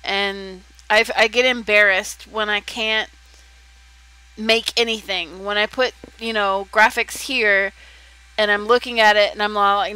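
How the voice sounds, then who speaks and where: A woman's voice: mid-range voice, level tone, measured pace, bright, forceful tone, smooth, poor audio. A young woman chatting casually on a livestream while she works on a design, rambling and self-deprecating.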